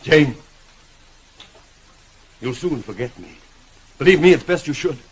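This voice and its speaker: An actor playing a brooding gentleman master of a manor in a 1950s television drama, commanding but turning soft and pleading. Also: fairly high pitch, expressive, unhurried, husky, poor audio. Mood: earnest. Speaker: employer.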